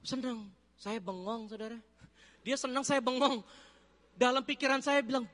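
A man with an Indonesian accent delivers a sermon testimony with a high voice, telling the story in an animated way and mixing Indonesian with English. His voice carries a long reverb, as if he is speaking in a large church hall. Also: normal speed. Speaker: preacher.

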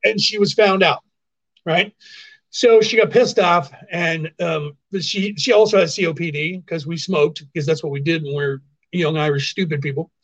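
Male livestream host, high-pitched, sarcastic ranting delivery that hammers points home; dull lo-fi phone audio. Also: steady tone, normal speed. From California, US. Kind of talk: casual ranting commentary.

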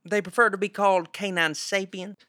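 A man's voice: high voice, little pitch movement, a little fast, bright, forceful tone. A man playing a dim, hungry, laid-back male deputy mayor who talks in slangy drawls. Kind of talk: scripted comedy podcast acting.

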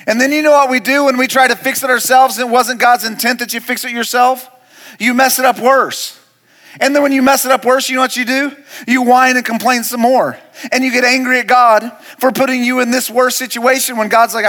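A male pastor preaching a sermon. He speaks straight to the congregation, moving from hushed, slow lines to loud, repeated commands. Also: very high-pitched, steady tone. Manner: speaks to the congregation directly, asking questions and calling out to them.

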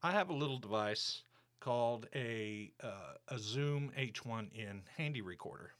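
A man's voice: mid-range voice, expressive, unhurried, a bit bright. A man hosting his own podcast, telling a workplace story in a casual, indignant, ranting way. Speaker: podcast host. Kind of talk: casual monologue.

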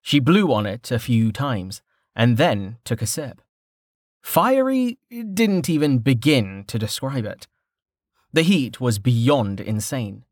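A man narrating a fantasy novel in an expressive, varied storytelling manner. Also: medium pitch, slow pace, no room sound, studio quality. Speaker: audiobook narrator.

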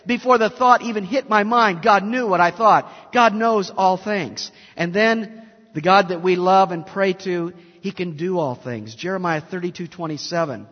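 A man in his fifties preaching an emphatic sermon as a pastor, swinging between loud and soft. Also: high-pitched, in a large hall, muffled recording. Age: 50s. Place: large church hall.

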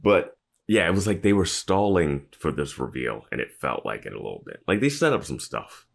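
Male co-host, extremely low and gravelly, lively pitch, relaxed opinion-sharing chat. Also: moderate pace. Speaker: podcast co-host. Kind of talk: casual TV episode recap chat.

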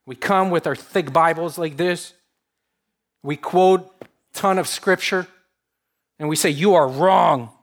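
Man preaching a sermon, kinda higher voice, gets loud then drops way soft, earnest. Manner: earnest, dynamic, swings between emphatic and soft. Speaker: pastor.

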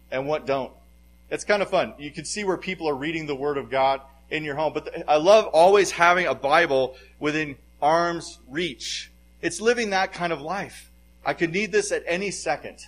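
A man's voice: fairly high pitch, fairly bright tone, low-quality recording. A middle-aged man preaching a sermon as pastor, earnest and emphatic, his voice swelling in bursts of force.

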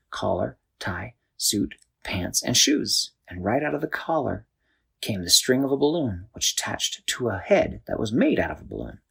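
A man narrating an improvised bedtime story in a loose, animated way, with restarts. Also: on the low side, gravelly, husky.

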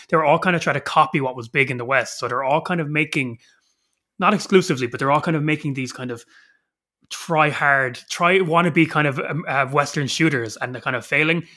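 Animated, sweary podcast co-host man. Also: on the high side. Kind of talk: casual chat.

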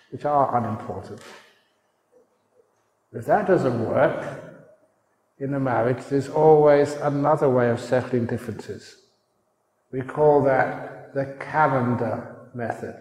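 A man gives a humorous sermon, chuckling and putting questions to his listeners. He speaks unhurriedly at a middle pitch. A long reverb hangs in the large hall. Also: darkish tone. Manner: jokey, chuckling, asks the audience questions. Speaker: monk teacher.

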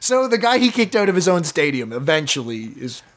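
Woman podcast host, casual storytelling, laughs a lot, lively swooping pitch. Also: brisk. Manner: laughs often while telling the story.

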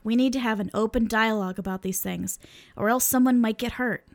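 A woman's voice: a little high, brisk, vocal fry, a little hiss or hum. Earnest formal angel man, read by a woman. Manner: stiff, overly formal phrasing. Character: earnest formal male angel, solemn and literal.

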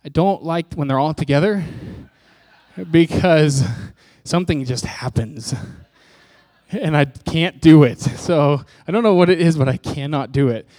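A man with a fairly high, darkish voice preaches a testimony sermon a little slowly, without any room sound. He shares his personal story candidly and teases himself while acting out what others said.

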